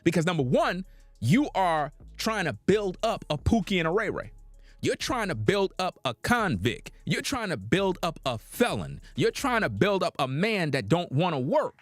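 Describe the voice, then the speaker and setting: A man hosting a livestreamed reaction show, lecturing bluntly in slang. His voice sits somewhat high and moves in wide, animated swings. The sound is dry and close, with soft music behind him. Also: moderate pace, no echo. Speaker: reaction commentator.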